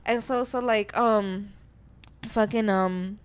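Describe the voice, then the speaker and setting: With a clean, mid-range voice and a slow pace, a young woman tells a story on her podcast in casual chat. She curses freely and brings quotes to life by acting them out.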